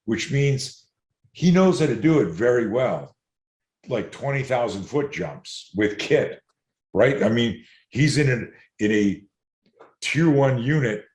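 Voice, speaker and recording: A man who teaches self-defense, telling stories in an interview in an animated, digressive way. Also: medium pitch, slow. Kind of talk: storytelling interview answers. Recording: roomy echo.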